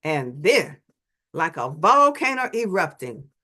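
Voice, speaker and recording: A woman giving a storytelling talk as an invited speaker, animated and dramatic in her delivery. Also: deep voice, slow.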